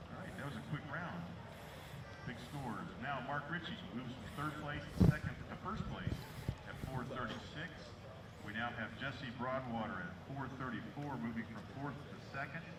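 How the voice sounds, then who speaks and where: A man at an outdoor archery range, briskly announcing scores and standings to the shooters. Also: medium pitch. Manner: brisk, matter-of-fact score calling. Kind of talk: announcing scores over a loudspeaker. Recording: distant echoey outdoor announcement with loud background noise.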